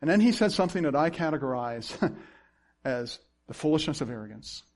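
A man's voice: on the high side, fairly quick. A pastor preaching a sermon, acting out the people he quotes and laughing now and then. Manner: animated preaching with acted-out quotes and chuckles.

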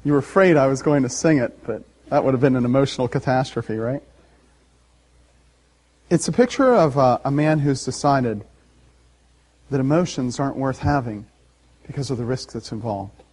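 A man preaching a sermon, animated and laughing often, acting out the voices in the story. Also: mid-range voice, normal speed, pauses often. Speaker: pastor.

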